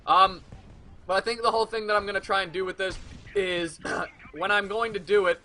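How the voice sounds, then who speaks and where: Brief: late-teen male commentator, very bright, slightly high voice, loose and profane. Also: steady tone, brisk. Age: late teens. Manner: rambling, profane, jokey. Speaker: gaming video commentator. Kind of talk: casual rambling commentary.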